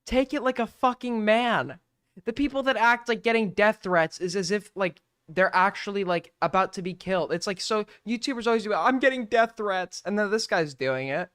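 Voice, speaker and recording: A man's voice: sits high, normal speed, a bit bright, clear, resonant tone. Rambling, mocking male streamer. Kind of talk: casual reaction stream commentary.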